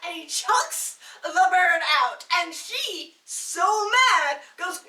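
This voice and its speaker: High bright-voiced woman telling jokes. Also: a little slow. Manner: giggles through her own jokes, rambling with fillers. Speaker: joke teller at a bardic circle. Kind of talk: casual live joke telling. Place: indoor gathering room with listeners. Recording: roomy echo, voice from a distance.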